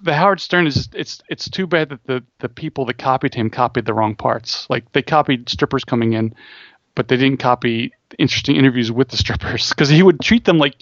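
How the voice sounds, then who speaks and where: A man's voice: mid-range voice, a little fast, no room sound, muffled recording. A man co-hosting a casual podcast chat, rambling and thinking aloud with many restarts. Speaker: podcast co-host.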